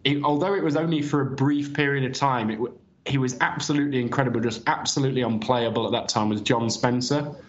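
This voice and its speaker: A man in a relaxed, reflective football chat over a video call, with a wry edge. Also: medium pitch, fast talker. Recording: dull lo-fi video call audio.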